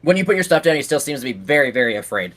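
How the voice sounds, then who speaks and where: A man's voice: medium pitch, sing-song, very fast, a bit bright. A young man running a tabletop game as game master, narrating in a casual, rambling way with fillers.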